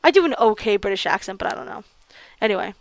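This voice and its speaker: A woman's voice: medium pitch, animated, fast, no echo. A woman streamer reading a visual novel aloud and reacting with gasps and laughs. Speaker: let's play streamer.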